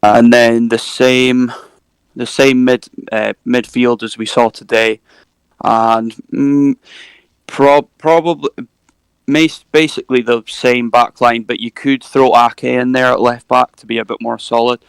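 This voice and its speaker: A man on a fan phone-in, thinking aloud and pausing as he goes. His voice is gravelly but resonant. The recording is dry. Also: medium pitch, level tone, no room sound, low-quality recording. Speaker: caller. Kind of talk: casual phone-in chat.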